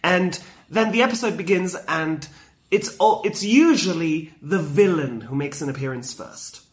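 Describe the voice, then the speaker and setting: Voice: medium pitch, animated, normal speed. Enthusiastic rambling podcast co-host. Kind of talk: casual chat.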